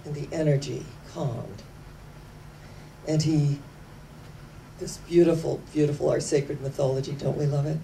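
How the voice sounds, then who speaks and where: A woman giving an inspirational sermon, telling stories with slow, emphatic phrasing that sometimes sinks to hushed tones. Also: low voice. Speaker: spiritual speaker. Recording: distant mic with faint background noise.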